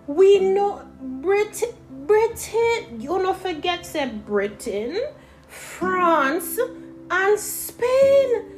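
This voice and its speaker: A young woman with a Jamaican accent talks through a casual opinion podcast in a high, unhurried voice. She rambles in an animated way and drifts into patois. Soft music plays faintly behind her. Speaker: podcast host.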